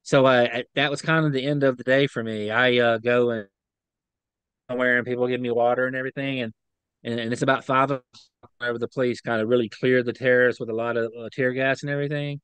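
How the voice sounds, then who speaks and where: Male interview guest, mid-pitched smooth voice, earnest halting testimony. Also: flat delivery, a bit bright, no room sound. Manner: earnest, halting, emotional retelling. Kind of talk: personal recollection in an interview.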